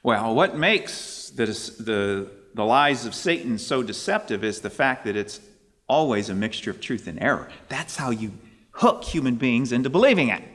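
Guy preaching a sermon, mid pitch, gets loud and high on the quotes, long hall echo. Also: expressive, moderate pace. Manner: emphatic, rising pitch on questions and scripture quotes.

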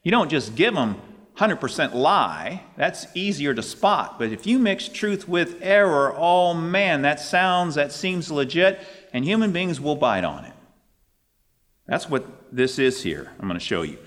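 A man preaching a sermon, emphatic, his pitch climbing on questions and quoted scripture. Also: big pitch swings, a little slow, a bit bright, in a large hall.

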